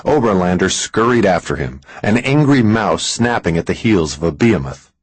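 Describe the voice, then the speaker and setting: A man reading a thriller audiobook in a measured, expressive storytelling manner. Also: low-pitched, slightly rough, no echo. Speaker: audiobook narrator. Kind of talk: scripted thriller narration.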